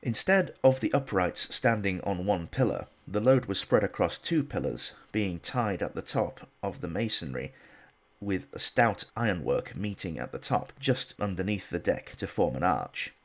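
Man, history documentary narrator, low voice, lively intonation, dry wry asides. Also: moderate pace.

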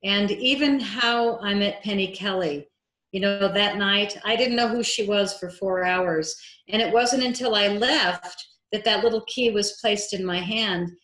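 A woman filmmaker, a guest in an interview, telling a lively story and acting out the dialogue she quotes. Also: mid-range voice, unhurried. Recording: echoey room.

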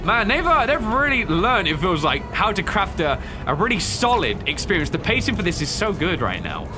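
A man giving let's play commentary on a horror game, joking and reacting excitably. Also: sits high, moderate pace, loud music behind the voice. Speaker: gaming YouTuber.

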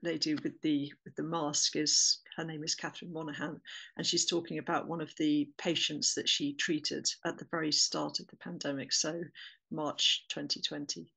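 A woman's voice: sits low, flat delivery, moderate pace, creaky, sharp tone, slightly rough, rough recording. A woman with an English accent giving a webinar talk on oral history, conversational with frequent fillers and restarts.

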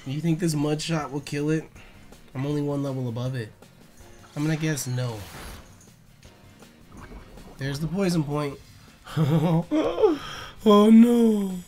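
A young man hosting a casual let's play, excitable and profane, talking back to the creatures on screen. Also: a little high, takes it slowly, pauses often, soft background music. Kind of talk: casual gameplay commentary.

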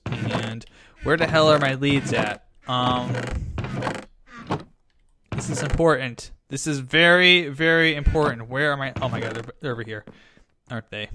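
A young man giving Minecraft let's play commentary, frantic and excitable, rambling fast when thrilled. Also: mid-range voice, noisy background. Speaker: gaming video host.

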